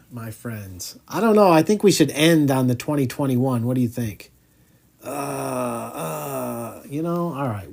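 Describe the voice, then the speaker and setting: A man hosting a live card break, chatting as he calls out each card and groaning when a pack comes up empty. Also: medium pitch.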